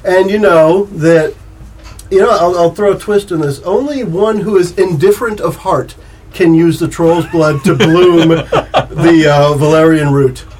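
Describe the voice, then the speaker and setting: Man running a tabletop game, high voice, chuckling, rambling, faint background hiss. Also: measured pace, a little mellow, low-quality recording. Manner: laughing often, rambling with restarts. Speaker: game master.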